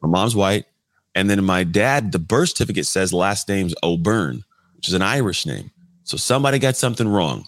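A man's voice: low-pitched, sing-song, normal speed, dry recording, studio quality. A man in his thirties, a podcast guest, telling his life story in a blunt, conversational way with occasional mild swearing. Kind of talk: candid storytelling interview.

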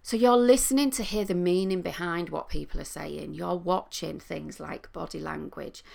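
A middle-aged woman, a coach and trained therapist, explaining listening skills in a calm, teaching manner. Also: lowish voice, normal speed, creaky. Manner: calm, explanatory, with sing-song demonstrations. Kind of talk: talking to camera, teaching.

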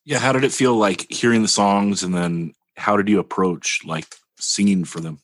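A man's voice: lowish voice, steady tone, moderate pace, a bit bright. A man interviewing a musician, asking casual questions full of fillers.

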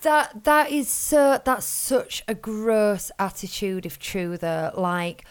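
A woman co-hosting a live podcast in casual chat, excitable and animated. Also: medium pitch, slow, smooth. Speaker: podcast co-host.

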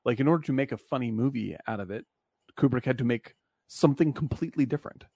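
Gravelly, blunt-talking man. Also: medium pitch, fast talker, mellow, no echo. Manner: blunt, profane, rambling with many fillers. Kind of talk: casual film discussion.

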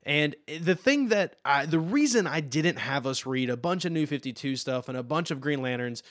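A man in casual chat who explains comic lore with enthusiasm, often trailing off quietly. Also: a little high, expressive, moderate pace, dry recording, studio quality. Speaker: podcast co-host explaining comics.

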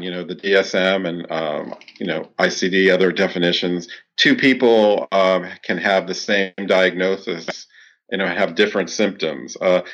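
A man's voice: deep voice, fairly bright tone. A man answering interview questions as a clinical psychologist, explaining at length with many fillers and restarts. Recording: dull lo-fi sound.

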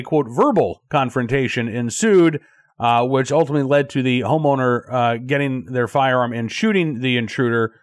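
A man hosts a daily news show, with a voice a little higher than most men's. He talks in a loose, conversational way, full of fillers and restarts. The sound is dry, close and free of room echo.

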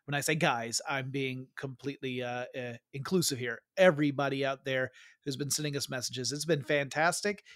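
A man co-hosting a geeky podcast in casual, jokey chat with quick asides. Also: mid-range voice, fairly even intonation, fairly bright tone, dry recording, clean studio sound. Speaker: podcast co-host.

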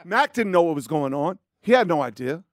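Profane, animated male storyteller. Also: a little high, brisk, no room sound, clean studio sound. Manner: profane, animated, acts out voices. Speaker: guest telling a story. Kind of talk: casual storytelling chat.

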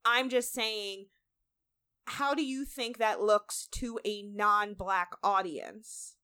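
A woman's voice: mid-range voice, slow, smooth. A woman co-hosting a podcast, chatting animatedly with blunt opinions and easy laughter. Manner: animated, laughs easily, makes blunt side points. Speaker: podcast co-host. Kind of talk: casual chat recapping a reality show.

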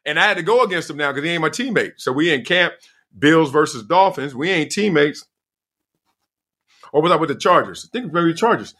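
Animated, bright-voiced man telling stories. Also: fairly high pitch, a little fast. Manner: animated storyteller, slangy, laughs often. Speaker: podcast host. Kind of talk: casual solo podcast monologue.

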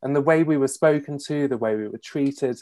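A man's voice: mid-range voice, a little mellow. A young man, a conductor, chatting as a podcast guest with easy enthusiasm. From England. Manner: quick, enthusiastic, laughing easily. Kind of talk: casual interview chat.

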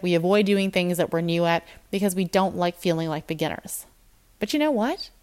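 Candid, encouraging woman fitness coach. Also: mid-range voice. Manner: candid, encouraging, acts out her own inner voice. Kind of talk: casual motivational talk.

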